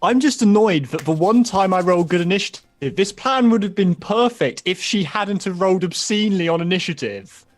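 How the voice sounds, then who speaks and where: A man's voice: high voice, animated, a little fast, few pauses. A man taking part as a tabletop game player, hesitant and counting out his moves aloud.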